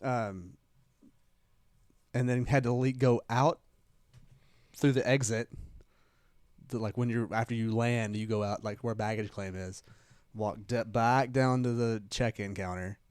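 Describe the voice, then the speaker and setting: A man's voice: mid-range voice, fairly even intonation, a little slow, long pauses, a little mellow, smooth, no room sound. Dry, close-miked man telling a rambling story. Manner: rambling storyteller, acts out quoted dialogue. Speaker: podcast co-host. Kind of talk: casual chat.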